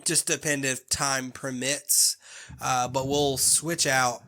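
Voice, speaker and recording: Brief: male podcast co-host, forceful bright tone, loose and joking, swears freely. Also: medium pitch, steady tone, takes it slowly. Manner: laughs often, swears casually. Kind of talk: casual chat.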